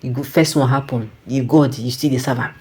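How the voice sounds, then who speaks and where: A woman's voice: very deep voice, a little fast, a little mellow, slightly rough. A Nigerian woman giving reflective casual commentary, slipping into Pidgin and restarting her sentences.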